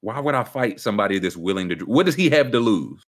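Lively low-voiced man bantering. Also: fast talker. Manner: animated, playful banter. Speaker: streamer. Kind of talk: casual livestream chat.

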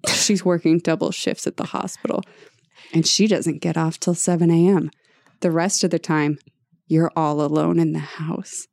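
A woman reading as a soft-spoken, brooding young man. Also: sits low, level tone, moderate pace, creaky, dry recording, studio quality. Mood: menacing. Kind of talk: reading a novel's dialogue aloud.

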